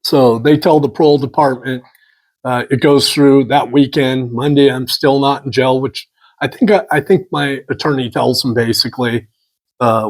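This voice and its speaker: A man of ordinary pitch tells a long personal story in a loose, conversational way. He rambles, restarts and retells each exchange with "I'm like" and "he goes." He speaks as a local candidate addressing his supporters. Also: steady tone, moderate pace, low-quality recording. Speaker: political candidate.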